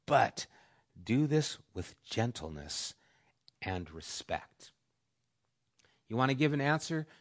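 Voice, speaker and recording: A middle-aged man preaching a sermon as pastor, who swings between loud, emphatic lines and soft whispers. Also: medium pitch, very animated, a little slow. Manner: varies volume, dropping to soft whispers for emphasis.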